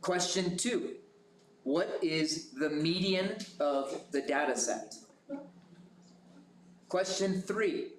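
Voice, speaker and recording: Man, quiz moderator, measured reading, echoey room, faint background noise. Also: on the high side. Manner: slow, measured question reading. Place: school classroom.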